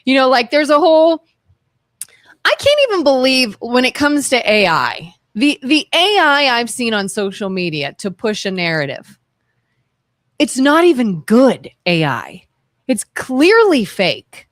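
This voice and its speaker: A woman's voice: on the high side, very animated, measured pace, dry recording, clean studio sound. Earnest American woman on talk radio. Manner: earnest and impassioned, many restarts. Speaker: co-host of a call-in talk show. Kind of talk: casual talk show chat.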